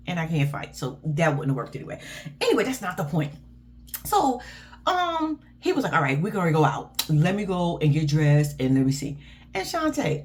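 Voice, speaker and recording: A woman, casually ranting through a blunt, profane reaction recap as a show host. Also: a little high.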